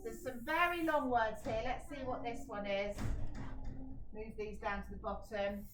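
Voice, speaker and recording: A woman teaching a phonics lesson to young children, sounding out words slowly and praising them. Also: on the high side, fairly even intonation, noisy background. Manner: encouraging, sounds out words syllable by syllable. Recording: echoey room, voice a little far from the mic.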